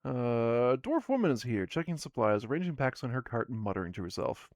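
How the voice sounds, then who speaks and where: A man's voice: medium pitch, very animated, brisk, darkish tone, no room sound, studio quality. A sleepy man casually narrating his solo tabletop game on a live stream, rambling and self-deprecating as he reads the game text aloud.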